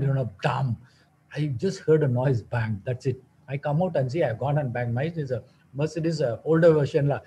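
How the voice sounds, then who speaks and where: A man's voice: on the high side, warm tone, slight background noise, rough recording. Man teaching with rhetorical questions. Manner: asks rhetorical questions, repeats words for stress. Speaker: naturopathic doctor giving a wellness talk. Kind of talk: teaching talk with a personal story.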